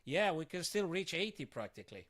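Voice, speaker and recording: A man's voice: a little high, very animated, fairly quick, a bit bright. A man streaming live chess puzzles, thinking aloud to his viewers and breaking into sudden frustrated outbursts.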